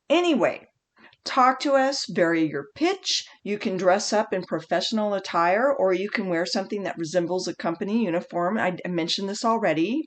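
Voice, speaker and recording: A woman speech instructor giving a recorded online lecture, animated and conversational, often correcting herself mid-sentence. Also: fairly low pitch.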